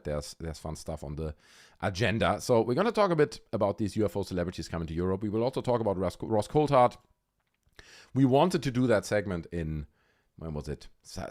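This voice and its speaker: A man hosting a casual livestream from a warm room at home, joking sarcastically and reading out chat messages. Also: on the low side. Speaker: livestream host. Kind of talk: casual live-stream chat.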